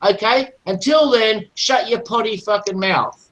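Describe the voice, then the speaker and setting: A man's voice: high-pitched, a little slow, noisy background. A man in a heated online voice chat, taunting and swearing aggressively. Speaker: chat room participant.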